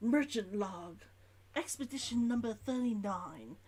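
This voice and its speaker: Weary stranded merchant with an Old London accent, dropped H's, theatrical Victorian log-reading, as a woman puts him on; high voice. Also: expressive, unhurried, a little mellow. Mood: weary, grim. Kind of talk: reading a game log aloud in a put-on voice.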